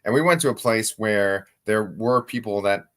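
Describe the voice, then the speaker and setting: Dad host with a bright clear voice, chatty and encouraging, asking his little girl questions. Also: on the low side, moderate pace. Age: adult. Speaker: host interviewing his young daughter. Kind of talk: casual family chat.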